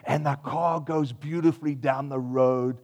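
Older Australian man preaching, playful made-up stories, mid-range voice, swings from loud to hushed. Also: medium pitch, a little slow. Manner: animated storytelling with playful made-up examples, dropping to a hushed close. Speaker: pastor. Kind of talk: sermon.

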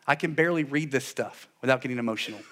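A man preaching a sermon in an animated way, with sarcastic asides, dropping his voice low for solemn points. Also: rapid-fire. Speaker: pastor.

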